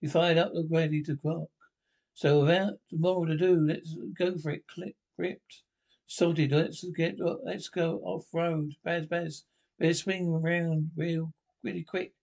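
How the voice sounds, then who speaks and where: A man's voice: a little high, flat delivery, a little slow, vocal fry, a little mellow. An actor playing a hearty, bossy male leader of an off-road club, barking orders at his cameraman. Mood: gung-ho.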